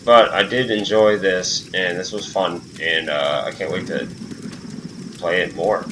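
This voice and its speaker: A man commentating his own gameplay, swearing and reacting loudly. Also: sits low, a little slow, background noise. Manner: profane, excitable, reacts loudly. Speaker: gamer. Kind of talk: let's play commentary. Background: game sounds.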